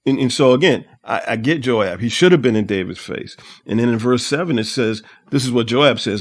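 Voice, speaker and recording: A man hosting a podcast, reading scripture aloud and explaining it in a conversational way with frequent fillers. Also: medium pitch. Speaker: podcast host teaching Bible. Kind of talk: casual Bible study commentary.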